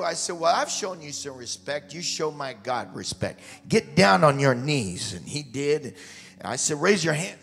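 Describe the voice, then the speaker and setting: High gravelly preacher man. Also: sing-song, normal speed. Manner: rambling storytelling that builds to fervent shouted preaching. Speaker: missionary preacher. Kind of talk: sermon testimony. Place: church sanctuary. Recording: long hall reverb with faint music.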